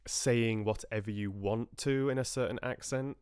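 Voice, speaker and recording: This man, an audiobook reader who hosts livestreams, speaks at normal speed in a medium-pitched, somewhat dark voice that sounds clear and resonant. The studio recording is clean and echo-free as he casually chats with viewers, wandering friendly and restarting often.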